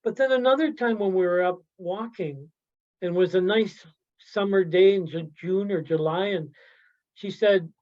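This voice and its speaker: A man from the Yukon telling personal stories in a halting way, often asking "right?" and adding "you know" as he goes. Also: sits high, fairly even intonation, a little mellow. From Yukon, Canada. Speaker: workshop storyteller. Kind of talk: personal storytelling talk. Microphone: video call. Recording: slightly dull video-call audio.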